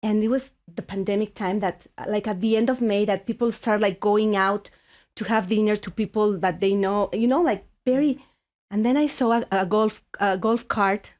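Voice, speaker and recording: A woman's voice: mid-range voice, normal speed. A woman from Mexico with a Mexican Spanish accent, a native Spanish speaker, telling a story in casual chat as a podcast host, full of restarts and fillers. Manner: animated, many restarts and fillers.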